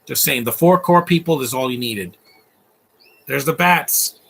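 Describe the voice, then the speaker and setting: A man's voice: mid-range voice, measured pace, creaky, a bit bright, slightly rough. A man in his thirties giving a casual, opinionated live commentary on a film, chatty and full of fillers. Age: 30s. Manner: chatty, opinionated, laughs often, many fillers.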